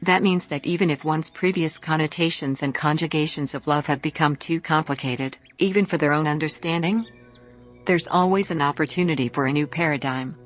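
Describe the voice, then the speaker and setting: Low female voice, scripted reflective monologue, rhetorical questions and wordplay, faint music bed. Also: fairly quick. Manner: rhetorical, asks and answers own questions; playful alliterative wordplay. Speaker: podcast host. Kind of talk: scripted spoken essay.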